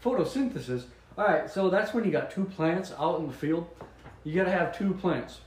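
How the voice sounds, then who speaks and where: A man's voice: high-pitched, normal speed, reverberant, rough recording. Man rambling through absurd explanations. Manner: rambling deadpan absurd explanations, laughs at own jokes. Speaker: podcast co-host. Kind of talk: joking casual chat.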